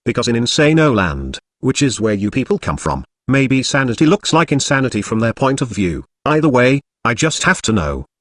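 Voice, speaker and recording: A man's voice: mid-range voice, sing-song, normal speed, fairly bright tone, no echo, studio quality. A man with an English accent delivering a scripted, sarcastic, mocking opinion rant as a vlogger.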